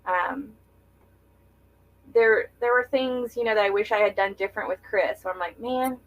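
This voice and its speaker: Speaking candidly as a guest on a podcast, a young woman reflects earnestly with frequent fillers. She talks at a moderate pace and medium pitch, but the audio is muffled.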